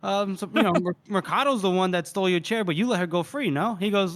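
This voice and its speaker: High-voiced man retelling a book scene. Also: fast talker, few pauses, no room sound. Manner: acts out characters' lines with shifting voices and laughs. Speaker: podcast co-host.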